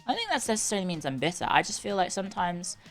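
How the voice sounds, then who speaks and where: A woman's voice: fairly low pitch, sing-song, racing, soft background music. A woman with a British accent, livestreaming and chatting casually in a sarcastic, bantering, rambling way. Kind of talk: casual chat.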